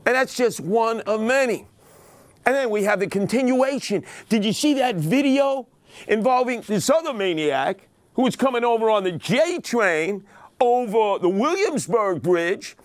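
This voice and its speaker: Indignant high-voiced New man. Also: animated, a little slow, dry recording. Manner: dramatic, indignant, acts out quotes. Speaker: podcast host. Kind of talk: opinionated monologue on crime news.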